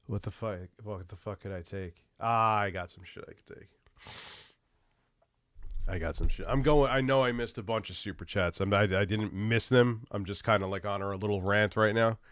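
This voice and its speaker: Man streaming with a head cold, stuffy nose, swearing and rambling, low voice, dry close sound. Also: moderate pace, a bit bright, clean tone, no room sound. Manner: profane, rambling, loose. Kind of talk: casual livestream rant.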